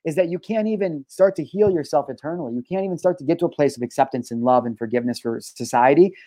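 A man's voice: a little high, fast talker, warm tone, no room sound. A man hosting his own podcast, ranting in a heated, profane way and hammering his points through repetition. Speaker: podcast host.

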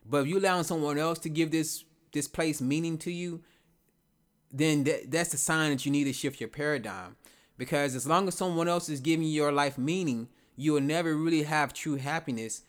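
A man's voice: fairly high pitch, moderate pace. A man hosting a podcast, talking through his ideas in a loose, rambling monologue, repeating himself and asking rhetorical questions. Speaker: podcast host. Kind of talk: casual reflective monologue.

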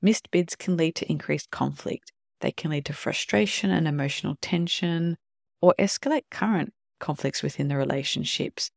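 A podcast host talking calmly on their own about relationships and now and then acting out short quoted examples. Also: medium pitch, moderate pace, vocal fry, no room sound, studio quality. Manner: calm explanatory, acts out short quoted examples. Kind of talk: solo podcast talk on relationships.

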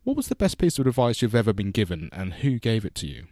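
Deep voiced guy hosting an interview, talks fast, thoughtful. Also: huge pitch swings, mellow, no echo. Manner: reflective, thoughtful, fluent. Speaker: podcast host. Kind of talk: interview conversation.

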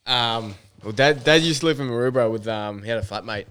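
A man telling a story hesitantly, with many pauses and ums. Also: medium pitch, a bit bright, clean tone. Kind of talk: casual storytelling.

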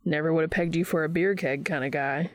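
A woman's voice: deep voice, fairly even intonation, brisk, close to an everyday voice. A woman voicing a guarded young man who jokes and teases, in a storybook reading. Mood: teasing. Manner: sarcastic, teasing. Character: wry young adult man, guarded and joking.

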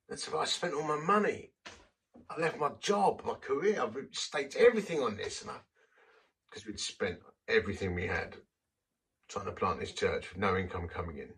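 A man's voice: fairly low pitch, expressive, moderate pace, pauses often, a bit bright, husky, recorded from a distance, rough recording. A man preaching a sermon, telling a personal story in a conversational, self-deprecating way.

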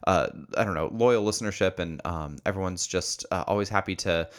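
A man co-hosting a podcast in casual, playful, teasing chat. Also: sits low. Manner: playful, teasing, quick asides. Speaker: podcast co-host.

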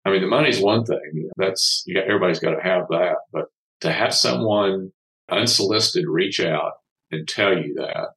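A man's voice: deep voice, moderate pace, fairly bright tone, rough recording. A man, a company founder appearing as a podcast guest, telling a heartfelt story in an earnest way. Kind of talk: storytelling in an interview.

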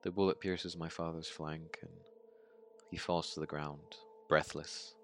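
A man's voice: very deep voice, fairly even intonation, creaky, a little hiss or hum, full character voice. Elio, a man playing a haunted survivor. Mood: grim. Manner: halting, stammering retelling. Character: haunted young man, shaken survivor recounting a massacre. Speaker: survivor recounting his story. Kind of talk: audio drama monologue.

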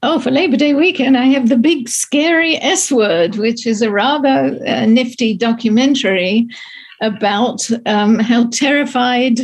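A woman's voice: a little high, a little slow. A woman reviewing a film on a radio show in a wry, amused, chatty way. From abroad, two countries outside America. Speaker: film critic. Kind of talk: casual radio chat.

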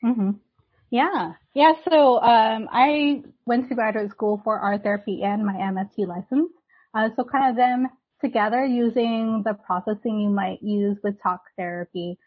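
A woman art therapist, guest on a podcast, explaining her work in a relaxed chatty way. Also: on the high side, measured pace, muffled recording. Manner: relaxed, explaining, many ums and likes. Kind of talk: casual interview chat.

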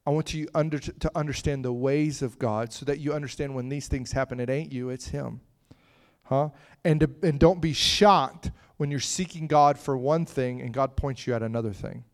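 A man's voice: mid-range voice, normal speed. A man preaching a conversational sermon, chatting with the congregation and breaking into fits of laughter.

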